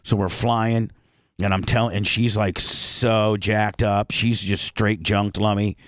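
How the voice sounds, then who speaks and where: A middle-aged man hosting a talk radio show, telling a rambling, animated story full of crude slang. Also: on the low side, slow pace, dry recording, clean studio sound.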